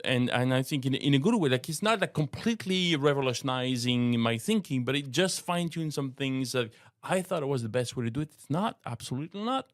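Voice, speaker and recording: An older man with a French accent talks through faith questions on a podcast, earnest and a little halting, often restarting his sentences. His voice sits at a middle pitch. The sound is dry and close, with no room around it. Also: lively intonation, no room sound. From France. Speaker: co-host and apologetics teacher. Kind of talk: casual podcast conversation.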